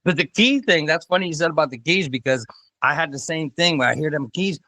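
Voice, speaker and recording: Excitable, gravelly, cussing man. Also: fairly high pitch, a little fast. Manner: excitable, profane, fidgety storyteller. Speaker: podcast guest. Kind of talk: casual storytelling.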